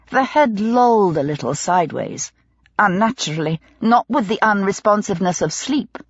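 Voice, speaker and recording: Husky-voiced woman narrating a mystery. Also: medium pitch, dry recording, muffled recording. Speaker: audiobook narrator. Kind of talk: scripted narration.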